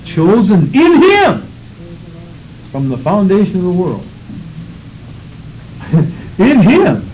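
Fervent high-voiced male preacher. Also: wildly swooping pitch, slow, darkish tone, slight background noise, rough recording. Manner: fervent, rhythmic preaching with scripture reading. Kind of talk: sermon.

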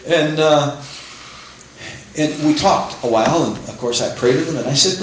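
An older man preaching a sermon in a church, animated, rising to exclaim praises, with frequent restarts. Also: fairly high pitch, moderate pace, pauses often. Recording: echoey room with faint hum.

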